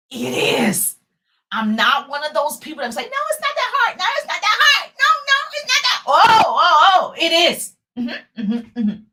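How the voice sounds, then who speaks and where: Middle-aged woman business coach, live-stream motivator, bright tone, animated delivery. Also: on the high side. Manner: animated, chatty, breaks into playful sung bits.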